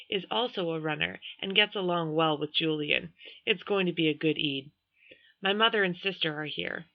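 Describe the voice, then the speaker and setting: A woman reading a first-person novel aloud as audiobook narration, in a measured, even storytelling manner, with a dull lo-fi recording. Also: on the low side, no echo. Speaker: audiobook reader.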